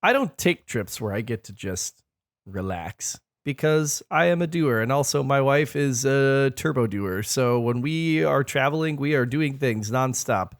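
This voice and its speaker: A man's voice: medium pitch, measured pace, no echo, studio quality. A man co-hosting a casual gaming podcast, telling stories bluntly with plenty of swearing. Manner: blunt, profane storytelling. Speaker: podcast co-host.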